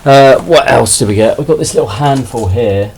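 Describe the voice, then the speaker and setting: A man casually chatting through a haul of toy finds in a relaxed, rambling way. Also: mid-range voice, normal speed, vocal fry, husky. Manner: relaxed, rambling, self-deprecating. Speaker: toy collector vlogger. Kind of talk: casual haul video chat.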